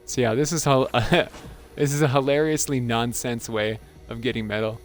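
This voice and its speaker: A man's voice: mid-range voice, steady tone, moderate pace, soft background music. A man hosting a gaming channel, giving casual gameplay commentary in an amused, chatty way and laughing often.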